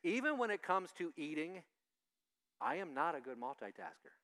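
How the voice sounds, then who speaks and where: A male pastor giving a conversational sermon, lively and acting out the voices he quotes. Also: fairly high pitch, normal speed. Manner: animated, acts out quoted voices.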